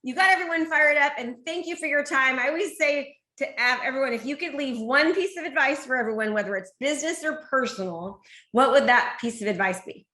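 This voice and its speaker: A woman's voice: sits high, brisk, bright, forceful tone. A woman hosting an interview, effusive and upbeat as she talks about coaching and support. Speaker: host and real estate coach. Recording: echoey room.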